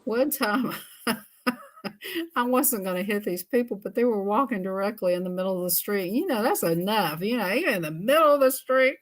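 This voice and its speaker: A woman's voice: medium pitch, lively intonation, moderate pace. A woman hosting a casual live chat, rambling in an easygoing way and chuckling often. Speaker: live stream host.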